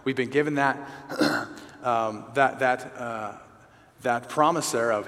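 A man's voice: medium pitch, slow pace, a bit bright. A man delivers a sermon in an earnest, conversational way, leaning on repetition to drive points home. His mid-range voice carries a long echo, as if recorded in a large hall. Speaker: pastor at a men's gathering. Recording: reverberant hall.

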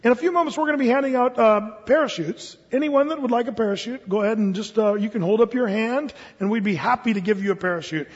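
A man's voice: fast, hardly any pauses, slightly rough, long reverb tail, dull audio. Sugary smiling stewardess, as a man puts her on. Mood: falsely sweet. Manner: high, sugary and falsely soothing. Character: overly calm smiling female flight attendant.

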